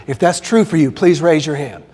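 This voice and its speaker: A man's voice: on the high side, normal speed, breathy edge. Man storytelling in an echoing hall. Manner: animated storyteller, acting out quotes. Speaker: motivational speaker. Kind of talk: storytelling keynote speech. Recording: long hall reverb.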